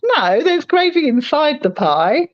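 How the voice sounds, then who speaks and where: Woman, London accent, casual co-host, animated, laughing, dry lo-fi sound. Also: high-pitched, measured pace, dry recording. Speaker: podcast co-host. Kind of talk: casual chat. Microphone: phone.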